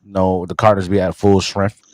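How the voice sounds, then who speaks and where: A man's voice: deep voice, level tone, a little fast, darkish tone, dry recording. A man co-hosting a casual sports podcast, talking in a laid-back, rambling way. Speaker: podcast co-host.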